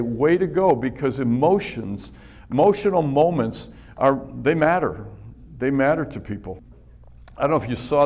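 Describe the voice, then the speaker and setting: A man giving a motivational talk to a business audience, telling personal stories in a conversational way and chuckling often. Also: mid-range voice. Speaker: speaker addressing a business group. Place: business event venue.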